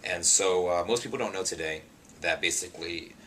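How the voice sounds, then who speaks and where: A young man with a low, deep voice and a bright, forceful edge, speaking in a casual interview. He tells his story in an animated, chatty way, full of ums and you-knows. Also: brisk, a little hiss or hum. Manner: animated, chatty, many fillers like um and you know. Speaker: pastor and singer interviewed.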